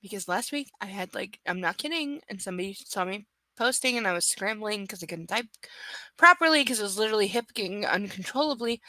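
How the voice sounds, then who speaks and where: A woman's voice: mid-range voice, animated, fast, pushed and bright, no echo. A woman reading a novel aloud on a livestream, breaking off to chat, swear and tease her viewers by name. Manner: chatty, profane, teasing viewers by name. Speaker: livestream reader. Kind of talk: live reading with casual chat asides.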